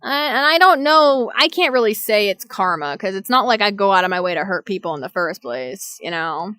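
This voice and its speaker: A woman's voice: mid-range voice, expressive, fairly quick, sharp tone, smooth. A young adult woman streamer venting in an exasperated, profane rant. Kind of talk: venting live-stream chat.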